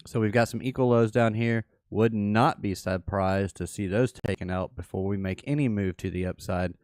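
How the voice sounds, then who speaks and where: A man leading a trading workshop goes over a livestreamed chart without hurrying, thinking out loud and fixing his own slips as he restarts. His voice is on the low side with a darkish tone, captured as clean, echo-free studio audio.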